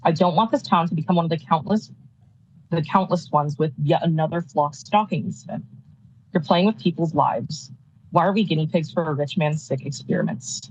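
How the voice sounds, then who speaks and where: A woman's voice: sits low, brisk, darkish tone, slightly rough, highs cut off. A young woman from California, a student, giving a firm and indignant public comment over a call. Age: young adult. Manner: firm, indignant, prepared remarks.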